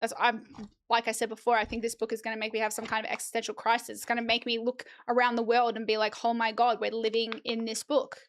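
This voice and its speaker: A young woman chats on her stream, her voice pitched high. She reads a picture book aloud in a playful, jokey way and drops swear words for laughs. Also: monotone, fast talker. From Australia. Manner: chatty, playful, swears while reading. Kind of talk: casual chat, reading a kids' book aloud.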